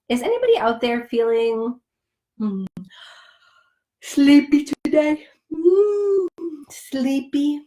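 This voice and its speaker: Slow sing-song woman talking to kids. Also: high voice, dark tone. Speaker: children's story time host. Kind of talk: children's sing-along lesson.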